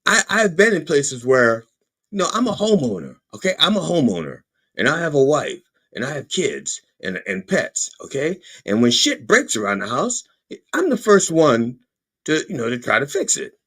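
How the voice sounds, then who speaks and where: Husky man ranting with lively pitch. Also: normal speed. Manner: animated, profane, stammering restarts. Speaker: podcast host. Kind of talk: comedic political rant.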